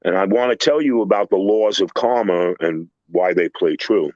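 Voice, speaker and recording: A man's voice: sits low, moderate pace, darkish tone, dry recording, dull audio. Profane older man telling a heated story. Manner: profane, heated retelling with acted-out quotes. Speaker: construction contractor guest. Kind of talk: storytelling in a podcast interview.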